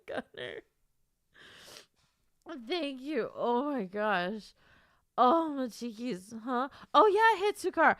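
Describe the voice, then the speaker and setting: A woman's voice: high voice, expressive, takes it slowly, long pauses, fairly bright tone, no room sound, studio quality. A woman streamer chatting casually with her viewers, emotional and teary, laughing and rambling as she talks. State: teary, crying on and off. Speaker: streamer and author. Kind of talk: casual live-stream chat.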